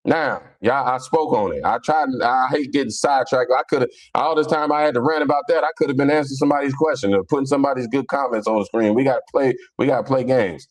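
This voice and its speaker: A man's voice: medium pitch, fast talker, few pauses. A man from Cincinnati with a Cincinnati accent, an online preacher ranting bluntly in casual streetwise talk on a livestream. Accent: Cincinnati, African American Vernacular English. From Cincinnati, USA.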